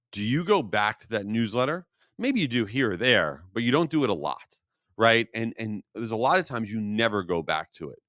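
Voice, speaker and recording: A man from New York hosting a podcast, answering listener questions in a casual, jokey, animated way. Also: fairly low pitch, dry recording, studio quality. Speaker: podcast host.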